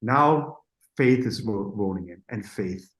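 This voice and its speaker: A middle-aged man, a music producer, telling anecdotes in a lively, casual way, acting out what people said and swearing freely. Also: on the low side, takes it slowly, roomy sound, rough recording. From Denmark. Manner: animated, acts out quotes, swears freely.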